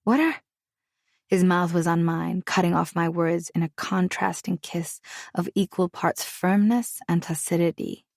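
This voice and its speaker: A woman's voice: fairly low pitch, little pitch movement, normal speed, gravelly, darkish tone, no room sound, clean studio sound. A woman narrating a romance audiobook in the first person, intimate and confessional.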